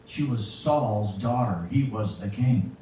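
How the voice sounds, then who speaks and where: A man preaching a sermon and reading scripture aloud in a slow, reflective way. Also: fairly low pitch, expressive, dark tone, a little hiss or hum. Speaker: pastor. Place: church. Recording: echoey, distant, muffled church recording.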